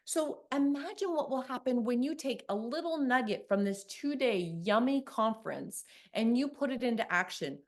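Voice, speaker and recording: A woman's voice: on the high side, normal speed, few pauses. A middle-aged woman from Canada giving a conference keynote, telling stories with energy and quizzing her audience. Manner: lively storytelling, asks the audience questions. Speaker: keynote speaker. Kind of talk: conference talk.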